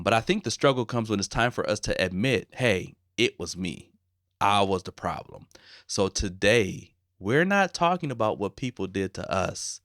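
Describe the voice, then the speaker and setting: A man's voice: fairly low pitch, creaky, no room sound, studio quality. A man, hosting his podcast in an earnest, heartfelt way. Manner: earnest, heartfelt, builds to animated preaching. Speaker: podcast host. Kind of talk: casual solo podcast talk.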